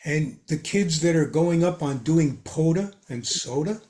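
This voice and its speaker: An older man, a guest on a hobby podcast, tells casual anecdotes with an animated, chuckling delivery. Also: a little high, unhurried. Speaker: guest ham radio expert. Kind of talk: casual storytelling in a podcast chat.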